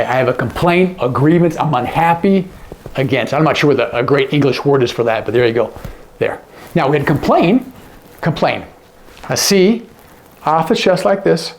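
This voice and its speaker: A man teaching sign language to camera, explaining each sign and often dropping to a hush on the example words. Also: medium pitch, slight background noise.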